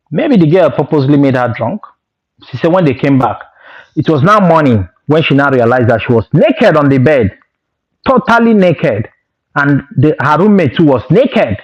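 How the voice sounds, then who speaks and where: A man vlogger telling a story in an animated, exclaiming way and moralizing to his viewers. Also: on the high side, dull audio. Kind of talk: storytelling monologue.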